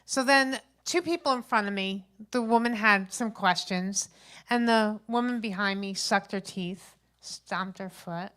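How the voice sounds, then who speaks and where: A woman, a grandmother around her fifties, tells a chatty, animated stand-up story at an open mic, acting out the people in it. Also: medium pitch, a little slow, smooth. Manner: chatty, animated retelling with acted-out quotes. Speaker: stand-up comedian. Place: open mic stage at a local venue.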